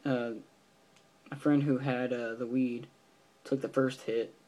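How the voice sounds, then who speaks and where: A man's voice: mid-range voice, little pitch movement, slow pace, warm tone. A teenage boy telling a story in a casual vlog, rambling with lots of fillers and restarts. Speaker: vlogger.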